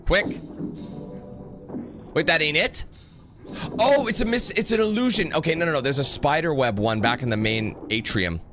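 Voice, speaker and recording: A North American man who hosts a gaming channel jokes and rambles through casual commentary on a horror game he's playing, singing snatches and doing mock voices. His voice is a little high and expressive at a moderate pace, with long pauses and background noise.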